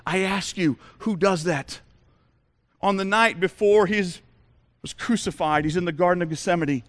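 A man's voice: sits high, normal speed, fairly bright tone. A man preaching a sermon as a pastor, emphatic, with repeated rhetorical questions.

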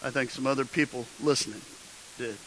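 Bright-voiced pastor telling a sermon story. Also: male voice, mid-range voice, fairly quick, a little hiss or hum, rough recording. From Midwestern United States. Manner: conversational with frequent restarts, rising to emphatic exhortation.

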